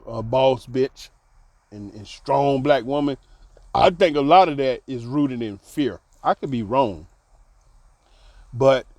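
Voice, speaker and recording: A man telling a personal story in a casual monologue, laughing often and dropping to soft low tones, repeating words for emphasis. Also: dry recording. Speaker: host.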